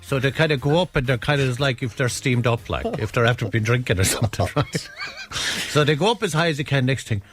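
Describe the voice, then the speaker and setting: A man's voice: mid-range voice, quick pace, soft background music. A man with an Irish accent hosting breakfast radio, telling rambling stories in a chatty, chuckling way. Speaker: radio host. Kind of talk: casual breakfast radio chat.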